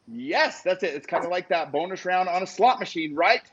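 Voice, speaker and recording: Whooping high-voiced man on a live stream. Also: normal speed. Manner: excitable, whooping shout-outs to viewers. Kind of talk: casual live-stream chat. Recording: muffled live stream with background noise.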